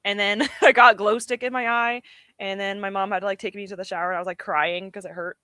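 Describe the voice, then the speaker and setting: A woman's voice: medium pitch, fairly even intonation, fast, bright, forceful tone, no room sound. A young woman streamer chatting casually and giggling often, poking fun at herself. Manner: chatty, giggly, self-deprecating. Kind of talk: casual livestream chat.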